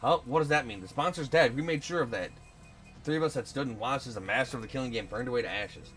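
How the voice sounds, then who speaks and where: A man's voice: mid-range voice, quick pace, fairly bright tone. A man streaming, reading a visual novel aloud with sardonic asides. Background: game music.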